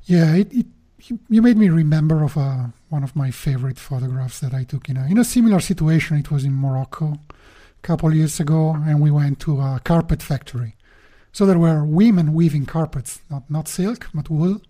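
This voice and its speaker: A man's voice: a little high, a little fast, mellow. A man talking with the host over a video call, hesitant and often repeating words as he searches for them. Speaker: podcast guest. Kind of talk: casual conversation.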